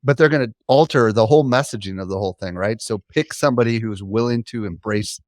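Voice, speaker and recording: A man hosting a podcast interview, briskly prompting his guest and cutting in with quick questions. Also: lowish voice, no room sound, clean studio sound. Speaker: podcast host. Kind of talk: interview conversation.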